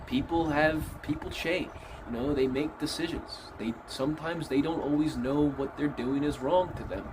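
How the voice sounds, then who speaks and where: A man giving a casual, animated film review, swearing freely as he retells scenes. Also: on the high side, moderate pace, noisy background. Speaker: movie reviewer.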